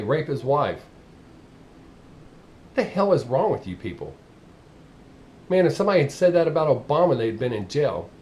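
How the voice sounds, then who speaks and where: A man's voice: mid-range voice, a little mellow, slight background noise. A man with a Southern US accent, ranting bluntly and profanely in a casual vlog monologue. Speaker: vlogger.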